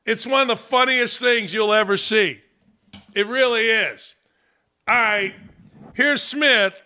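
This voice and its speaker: A man hosting a sports talk show, ranting bluntly and emphatically and rising into shouts. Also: very high-pitched, slow pace. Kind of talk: opinionated sports talk rant.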